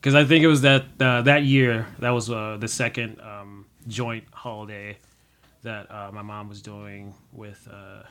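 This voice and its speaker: A young man appears as a casual guest, rambling through a story with plenty of "like" and "uh" and acting out his own quotes. His fairly low voice is flat, a little slow and fairly bright, over a slight hiss or hum.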